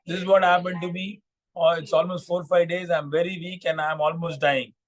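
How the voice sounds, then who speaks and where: A man's voice: a little high, little pitch movement, fairly quick, lightly acted. A man voicing a weak, suffering lion king who turns arrogant, in his own plain storytelling voice.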